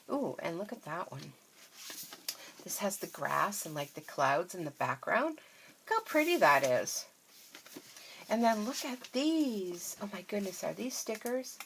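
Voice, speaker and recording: A woman, a craft vlogger, chatting casually through an unboxing, gushing and easily excited, tired and yawning now and then. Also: lowish voice, vocal fry, noisy background.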